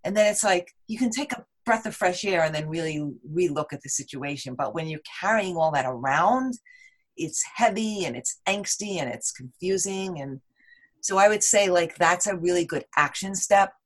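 A woman guest on a podcast, talking in an animated, rambling way with many "like" and "you know" fillers. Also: on the low side, normal speed. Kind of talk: casual interview chat.

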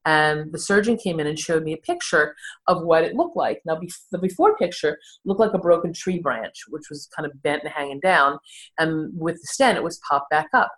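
Low-voiced woman in her sixties. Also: expressive, moderate pace, a bit bright. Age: 60s. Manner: candid, self-deprecating, laughs at herself. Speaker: therapist and podcast guest. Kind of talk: conversational interview storytelling.

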